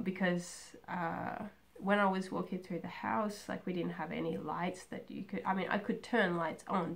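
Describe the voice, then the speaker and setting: A young woman chatting casually and rambling about herself in a home video, with many pauses and "um"s. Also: lowish voice. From Australia. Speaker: craft vlogger. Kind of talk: casual personal chat.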